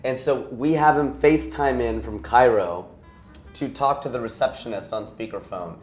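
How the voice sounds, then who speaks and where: Here a male comedian runs a relaxed interview chat, wandering chattily and jokingly between questions and anecdotes. His pitch is medium and his speed normal, heard in a roomy space over gentle background music.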